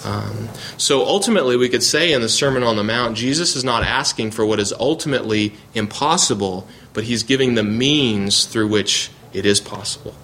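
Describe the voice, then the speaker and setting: A man's voice: medium pitch, moderate pace, hardly any pauses, a bit bright, slight background noise. A man teaching a Bible class, reading scripture aloud in an earnest way and often restarting sentences as he searches for words.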